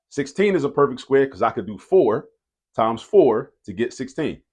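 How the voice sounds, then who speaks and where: A man teaching a math lesson, talking casually and directly to students, repeating each key rule for emphasis. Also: mid-range voice.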